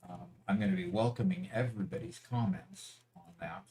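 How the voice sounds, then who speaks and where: Brief: man, gaming stream host, low and animated, halting and chatty. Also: vocal fry, a little hiss or hum. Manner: hesitant, lots of fillers and restarts. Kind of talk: casual livestream chat.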